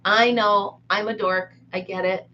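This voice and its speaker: A woman's voice: medium pitch, fairly even intonation, a little slow, highs cut off. A woman hosting a casual live chat with viewers from a room at home, giggly and self-mocking as she talks. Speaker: live-stream host.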